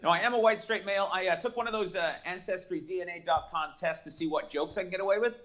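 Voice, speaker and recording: A young adult man doing a profane, brash stand-up comedy set with rapid-fire jokes. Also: high voice, fairly bright tone.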